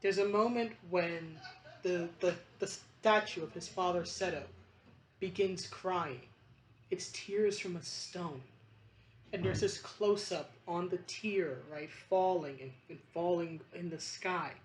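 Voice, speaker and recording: A woman's voice: fairly low pitch, takes it slowly, slight background noise. Passionate woman vlogger, choked up. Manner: passionate, emphatic, with frequent restarts and fillers. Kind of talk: rambling opinion monologue.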